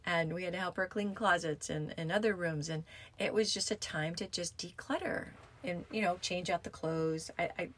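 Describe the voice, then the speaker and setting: A woman's voice: fairly low pitch, normal speed, fairly bright tone. A woman yoga teacher talking in a casual, rambling way, with frequent restarts and fillers. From United States. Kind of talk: casual reflective talk.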